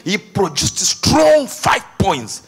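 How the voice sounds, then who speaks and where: A man preaching an energetic sermon, animated, laughing often and breaking into shouts. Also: sits high, slow, gravelly, breathy edge.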